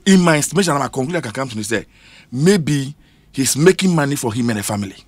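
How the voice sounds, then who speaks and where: A man with a Ghanaian accent makes emphatic points on a heated studio radio panel, mixing English and Twi. His medium-pitched voice has lively intonation and a quick pace, with no room sound.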